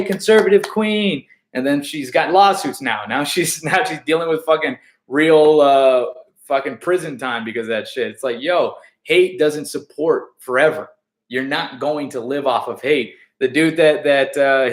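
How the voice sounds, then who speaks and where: A man, a comedian, talking casually on a livestream and reading viewer comments, profane and animated, trash-talking with frequent laughs. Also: medium pitch, reverberant.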